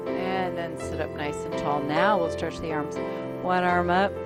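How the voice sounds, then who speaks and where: A woman in her fifties leading a gentle stretching class, giving breathing cues and chatting with the group between moves, encouraging and quick to laugh. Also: on the low side, fairly even intonation. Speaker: fitness instructor. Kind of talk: gentle exercise class instruction mixed with casual chat. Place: dining room used for a group exercise class. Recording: clear music playing behind.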